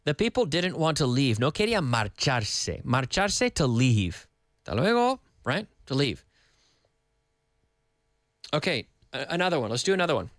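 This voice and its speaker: Animated male teacher, lively pitch. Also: normal speed, no room sound, studio quality. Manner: animated, playful, switches between English and Spanish. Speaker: English teacher. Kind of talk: lively TV English lesson.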